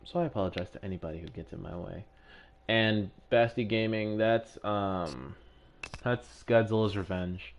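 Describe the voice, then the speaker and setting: A man's voice: on the low side, moderate pace. A man livestreaming a game, chatting casually with his chat and swearing angrily at other players. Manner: chatty, answers chat questions. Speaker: gaming livestreamer.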